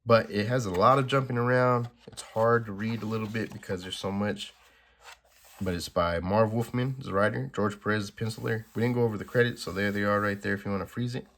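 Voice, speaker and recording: A man's voice: lowish voice, fairly even intonation, a little fast, fairly bright tone. A man hosting a comic-reading channel, commenting casually with unsure, laid-back asides. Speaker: comic book reader, channel host.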